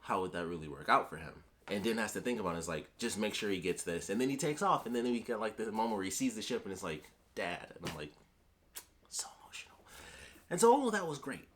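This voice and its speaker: A man with a fairly low voice reviews a show in loose, casual talk. He rambles, trails off and restarts, and he swears now and then when he gets worked up. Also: sing-song, fast talker, few pauses, fairly bright tone, slight background noise. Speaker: YouTube reviewer.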